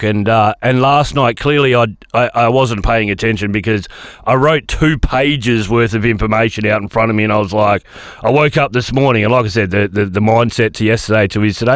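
A man's voice: mid-range voice, fairly bright tone, clean tone, no echo, clean studio sound. A middle-aged Australian man hosting a radio show, chatting casually in a rambling, self-deprecating way with lots of restarts.

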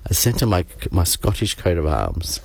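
A man's voice: low voice, sing-song, vocal fry, darkish tone, no echo. A man hosting a radio show, chatting casually and rambling with frequent restarts. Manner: rambling, halting, with many restarts. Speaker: radio host. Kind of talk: casual chat.

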